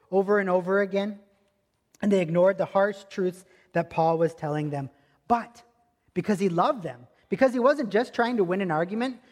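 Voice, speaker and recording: A man's voice: high voice, a little mellow. Earnest male preacher in a reverberant hall. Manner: earnest, emphatic repetition. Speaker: pastor. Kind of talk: sermon.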